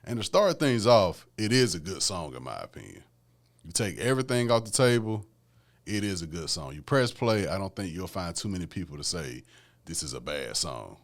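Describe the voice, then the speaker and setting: On his own podcast, a man gives relaxed, conversational music commentary, sprinkling in "man" and "you know what I'm saying" often. His voice sits low with big pitch swings, at normal speed.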